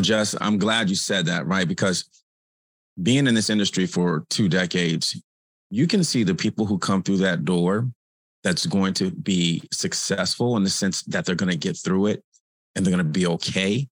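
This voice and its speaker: A man hosting an interview, speaking in a measured, reflective way and checking in with his guest. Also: deep voice, dry recording. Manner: measured, reflective, tags points with "right?". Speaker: host. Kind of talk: interview conversation.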